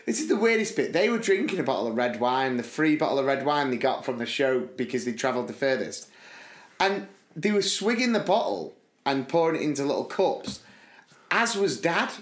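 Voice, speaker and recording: A man, a bit higher-pitched than most, telling a funny story on a podcast. He talks in an animated way and slips into his mates' voices. The sound comes from a room with an echo. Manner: animated storyteller, mimics friends. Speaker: podcast co-host. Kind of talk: casual chat.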